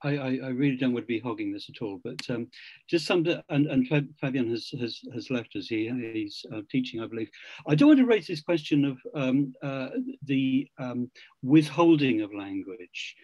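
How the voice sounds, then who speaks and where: A man on a book-launch panel, speaking in an academic discussion, halting with many ums and repeated words, on a video call. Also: mid-range voice, darkish tone, no echo. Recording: dry, dull video-call audio.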